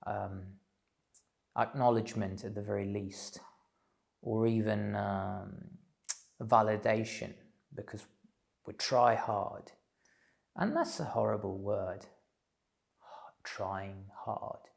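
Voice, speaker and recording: A man giving a slow, thoughtful spiritual talk, pausing often with fillers. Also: on the low side, gravelly. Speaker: spiritual teacher. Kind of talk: reflective solo talk.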